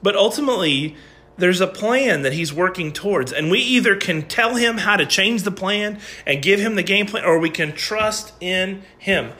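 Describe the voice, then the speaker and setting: A middle-aged man preaching in a relaxed, conversational way. His voice sits a little high and sounds bright and forceful, and it lifts in pitch when he stresses a point. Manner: conversational, storytelling, rising emphasis on key points. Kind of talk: informal sermon with a personal story.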